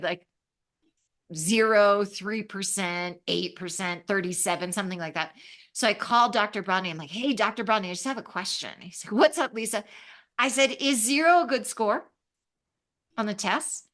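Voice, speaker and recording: A woman in her fifties from Los Angeles, a travel writer telling stories in an interview, animated and acting out the voices she quotes. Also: mid-range voice, normal speed. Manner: animated, acts out quoted voices, laughs often. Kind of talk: casual storytelling in an interview.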